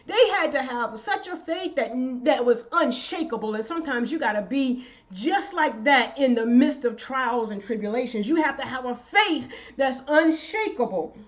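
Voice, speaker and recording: High-voiced woman preaching with fervor. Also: normal speed, few pauses, dull audio. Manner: excitable preaching, rising to shouts. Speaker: pastor. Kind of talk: sermon.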